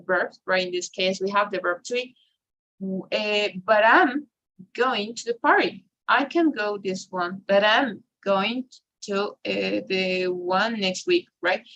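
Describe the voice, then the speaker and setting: A woman leads an online English lesson at an unhurried pace, stopping often to check in with tag questions. Her voice sits in a middle pitch and comes through a video-call mic. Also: a bit bright, low-quality recording. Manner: explains slowly with many fillers and tag questions. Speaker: English teacher. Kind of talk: online class instruction.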